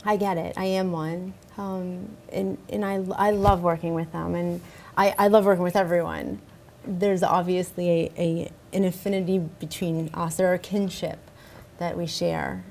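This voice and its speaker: A middle-aged woman speaking as a spirit medium guest in casual interview chat, warm and enthusiastic, often repeating herself. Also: lowish voice, steady tone, normal speed, vocal fry. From United States.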